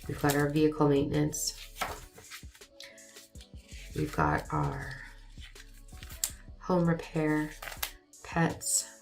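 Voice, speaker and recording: A woman's voice: deep voice, level tone, extremely slow, pauses often, music in the background. A young woman with a scratchy voice, chatting casually and rambling a little as she walks viewers through her budget plans. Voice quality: scratchy, raspy voice. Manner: chatty, rambling, self-deprecating. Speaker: vlogger. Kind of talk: casual planning vlog chat.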